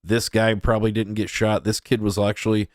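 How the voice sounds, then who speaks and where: A man's voice: fairly low pitch, level tone, brisk, no echo, clean studio sound. A young man hosting a podcast, giving rambling casual commentary full of filler words. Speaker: podcast host.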